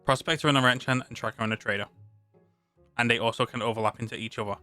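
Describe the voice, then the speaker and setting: A British streamer reads aloud from a tabletop rulebook, stopping to redo words and chat between sections. His bright, crisp voice sits at a medium pitch with fairly even intonation, and he talks fast. The sound is close and dry, over faint background music.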